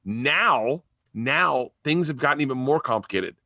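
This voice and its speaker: A man's voice: unhurried, no echo. A middle-aged man, a guest comedian, telling stories in a casual chat and acting out the voices of the people in them. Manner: animated, acts out quoted voices with big pitch jumps.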